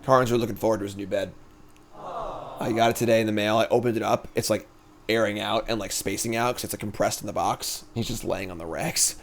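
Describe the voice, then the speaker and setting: A man casually commentating his own card game as a streamer, thinking out loud in a chatty way. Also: lowish voice, fairly quick, vocal fry, slight background noise. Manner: chatty, thinks aloud, animated swings in energy.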